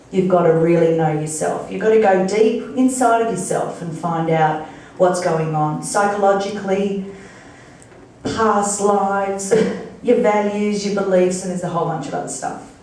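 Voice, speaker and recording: A woman's voice: mid-range voice, lively intonation, a little slow, mellow, slight background noise. Brief: woman motivational speaker, chatty and playful, picked up from a distance in a very echoey function room. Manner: chatty, playful, rhetorical questions to the crowd. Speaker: guest speaker at a fundraising breakfast. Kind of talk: motivational speech to an audience. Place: large function room with an audience.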